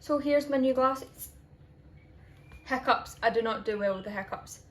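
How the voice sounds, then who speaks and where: A woman's voice: a little high, measured pace. A young woman chatting casually in a vlog, rambling along with frequent restarts. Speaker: vlogger.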